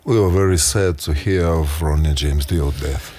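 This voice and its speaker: Halting Russian-speaking male radio interviewer. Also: very deep voice, warm tone. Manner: halting, non-native phrasing.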